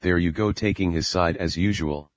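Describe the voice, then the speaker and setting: A man with a very low voice plays a furious, short-tempered father who barks insults at his child, scolding and threatening in every line. His intonation is fairly even, his speed normal and his voice close to everyday speech. The dull lo-fi recording sounds dry and a little muffled, like an audiobook, with no room sound.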